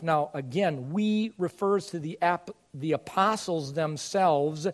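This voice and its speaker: A pastor delivering a sermon in a notably high-pitched male voice. He talks earnestly and grows emphatic as he presses his points home. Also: takes it slowly, few pauses. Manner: earnest, rising to emphatic preaching.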